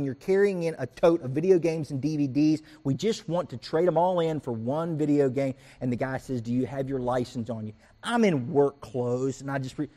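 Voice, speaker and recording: A man preaches from the pulpit, his voice sitting a little high for a man. He tells everyday stories with animation, dropping low and quiet for asides and jumping up loud when he acts out his own frustration. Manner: animated storytelling, acts out quoted voices and rants. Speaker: pastor. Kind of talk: sermon.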